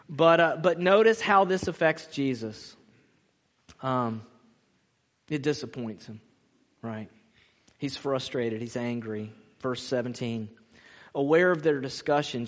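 Pastor guy preaching, bit high voice, lively, acts out the quotes, echoey church hall. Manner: animated, acts out quoted voices, laughs often. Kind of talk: sermon. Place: church sanctuary.

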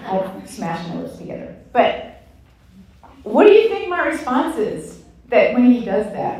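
A woman in her forties giving a candid, self-mocking teaching talk at a women's Bible study, telling stories with animated energy. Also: a little high, takes it slowly, pauses often, a little hiss or hum. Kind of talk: sermon-style teaching talk. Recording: echoey room from far off, faint ambience.

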